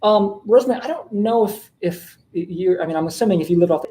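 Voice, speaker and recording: A man making a friendly cold call, with halting speech full of fillers and restarts. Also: sits high, dark tone. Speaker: caller. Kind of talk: phone sales call.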